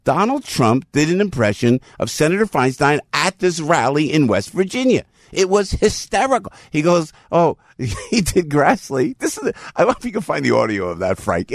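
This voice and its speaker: A man, hosting morning talk radio in an animated, rambling storytelling way. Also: medium pitch, creaky, no room sound, clean studio sound. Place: radio studio.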